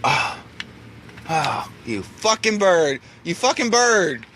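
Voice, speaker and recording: This vlogger's voice is high, very animated and fairly bright, and he takes his time, with a slight hiss or hum in the background. He's sweating and afraid, cursing and letting out frightened shrieks while trying to free a bird trapped at his back door, outside his home.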